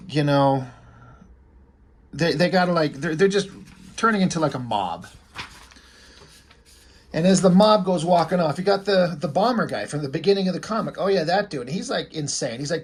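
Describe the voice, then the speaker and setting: A man's voice: fairly high pitch, lively intonation, normal speed, long pauses, husky. A man giving casual, rambling, joking commentary as he reviews a comic book. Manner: rambling, joking, often breaks into laughter.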